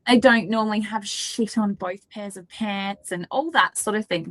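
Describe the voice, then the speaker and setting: A woman in her thirties with an Australian accent co-hosts a live webinar in a casual, candid way, swearing now and then. Her pitch sits in the middle of the range. The recording is close and dry. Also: moderate pace, hardly any pauses, a bit bright, dry recording. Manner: chatty, candid storytelling with mild swearing. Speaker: webinar co-host.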